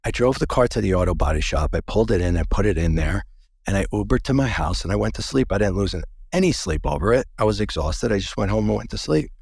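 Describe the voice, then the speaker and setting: Gravelly-voiced man telling his story. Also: lowish voice, lively intonation, fast talker, a little mellow, no echo, clean studio sound. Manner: earnest, conversational, restarts mid-sentence. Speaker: guest. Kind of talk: personal storytelling interview.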